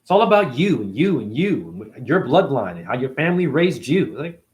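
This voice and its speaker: A man's voice: mid-range voice, big pitch swings, normal speed, darkish tone. A man hosting a casual livestream, reading viewer comments aloud and rambling in loose, slangy talk.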